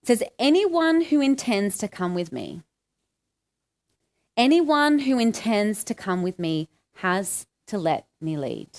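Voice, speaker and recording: A woman's voice: mid-range voice, very animated, slow pace, darkish tone. An Australian woman giving a conversational sermon, asking her listeners questions and acting out the lines she quotes. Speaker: preacher.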